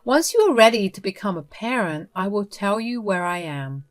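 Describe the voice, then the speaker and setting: A woman's voice: mid-range voice, lively intonation, normal speed, lightly acted. A woman voicing an unhinged, possessive sister-in-law who speaks in a defiant, dismissive way.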